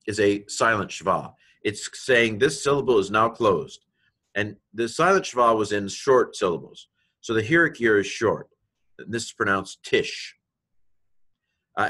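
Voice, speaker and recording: Middle-aged male lecturer, lowish voice, patient and methodical. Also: sharp tone. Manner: patient, explains step by step, sounds out letters slowly. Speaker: teacher. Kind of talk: classroom lecture on reading Hebrew.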